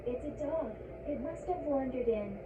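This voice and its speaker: A woman's voice: sits high, moderate pace, lightly acted. A woman voicing a curious young robot girl. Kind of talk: game voice acting. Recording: echoey, distant game audio, noisy.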